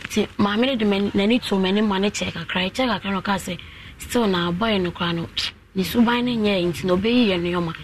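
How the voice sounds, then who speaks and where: Female caller, mid pitch, soft steady storytelling, faint noise. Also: fairly quick. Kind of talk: telling her life story on the phone.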